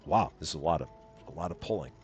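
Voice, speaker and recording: A man's voice: very deep voice, lively intonation, fast, darkish tone, faint music behind. A man giving chatty, playful live commentary while streaming a game, reading its on-screen text aloud and joking along the way. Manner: chatty, playful, jokey asides.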